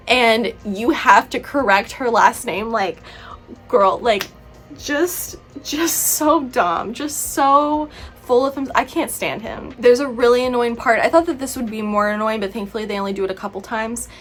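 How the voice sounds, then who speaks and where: A woman's voice: fairly high pitch, normal speed, a bit bright, soft background music. A woman chatting through a book review vlog, exasperated and rambling, with many "like"s. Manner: exasperated, chatty, heavy use of "like".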